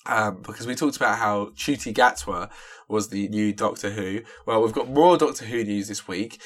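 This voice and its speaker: A man's voice: fairly low pitch, normal speed. A man co-hosting a podcast, telling a rambling story in casual chat full of "like". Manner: rambling storyteller, many "like" fillers. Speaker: podcast co-host.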